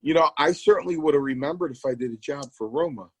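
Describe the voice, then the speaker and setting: A man's voice: fairly high pitch, fast talker, fairly bright tone, slightly rough, no echo, poor audio. Rambling male storyteller, dry close sound. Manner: rambling anecdotes with restarts, quoting others. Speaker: podcast co-host, former wrestler. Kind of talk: casual storytelling.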